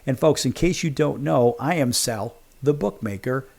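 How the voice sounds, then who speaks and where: A man's voice: mid-range voice, moderate pace, gravelly, very noisy. A middle-aged man from Chicago hosting a sports betting show, telling a long story in a rambling, chatty way. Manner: rambling, chatty anecdotes with restarts. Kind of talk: casual storytelling on a radio show.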